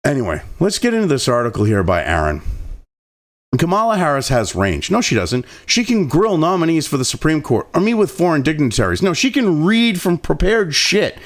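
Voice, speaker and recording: A man's voice: on the high side, huge pitch swings, brisk. A man hosting his own channel, delivering a crude, sarcastic political rant full of swearing. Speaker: host of a political commentary channel.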